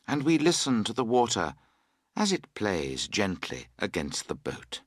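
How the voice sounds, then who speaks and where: Slow, expressive male storyteller. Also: sits low, no room sound, clean studio sound. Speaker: audiobook narrator. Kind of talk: scripted narration for English learners.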